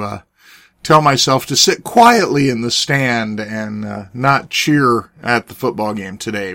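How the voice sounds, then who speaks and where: A man hosting a Christian talk podcast, his voice hoarse and raspy from cheering, talking in a folksy, earnest way with frequent restarts. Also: mid-range voice, a bit bright, dry recording, clean studio sound. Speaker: podcast host and preacher. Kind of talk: casual chat.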